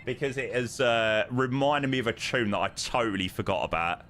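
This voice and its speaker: A man's voice: medium pitch, normal speed, fairly bright tone, a little hiss or hum. A British man chatting casually on a flight simulator stream, reading viewer messages aloud and calling out runway and altimeter figures. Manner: chatty, reads viewer messages aloud, calls out aviation numbers. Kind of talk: casual live-stream chat over flight sim.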